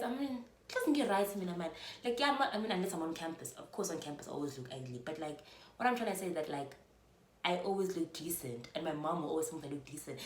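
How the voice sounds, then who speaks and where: A South African woman in her twenties telling a storytime vlog, chatty and full of fillers. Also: lowish voice. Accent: South African, mixing in Zulu. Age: 20s. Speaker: vlogger. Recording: roomy echo, faint room noise.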